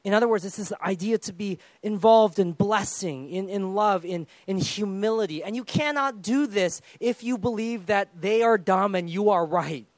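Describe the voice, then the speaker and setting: A man preaching a sermon as pastor, telling stories in an animated way and acting out the quotes. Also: high voice, moderate pace, hardly any pauses, dry recording. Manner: animated storytelling, acts out quotes.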